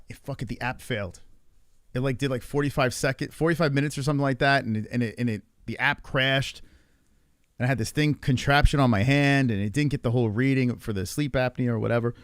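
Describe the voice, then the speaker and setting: A man's voice: mid-range voice, dry recording, studio quality. A man streaming a rambling, profane monologue with an exasperated manner. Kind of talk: ranting casual monologue.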